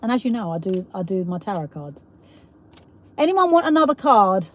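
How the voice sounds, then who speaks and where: A woman's voice: mid-range voice, big pitch swings, moderate pace. A middle-aged woman with a South East London accent, hosting a casual live stream: chatty and rambling, laughing often and reading viewer comments aloud. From England. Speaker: livestream host.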